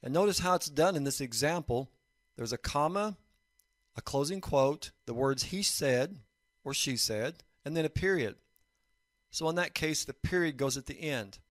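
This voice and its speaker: A man teaching a recorded lesson on writing fiction, explaining points in a measured way. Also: on the high side, animated, no room sound, studio quality. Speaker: college instructor.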